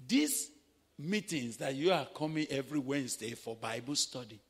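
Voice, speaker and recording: A man with a Nigerian accent preaching a sermon, telling stories and acting out quoted voices, his delivery swinging from hushed to shouting. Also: medium pitch, expressive, normal speed, slightly rough, long reverb tail. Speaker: pastor. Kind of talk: sermon with storytelling.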